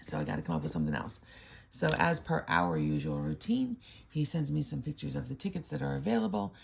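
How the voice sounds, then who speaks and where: An older woman talks through a casual vlog in a low, gravelly voice with a husky edge. She rambles along like a chatty storyteller. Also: very animated, fast talker, darkish tone. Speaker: lottery ticket vlogger.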